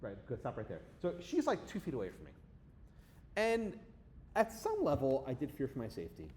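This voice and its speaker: A middle-aged man giving a lively, conversational lecture to an audience, often checking in with a quick "right?". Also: mid-range voice, a little hiss or hum. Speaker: law professor giving a guest lecture. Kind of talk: animated lecture with slides.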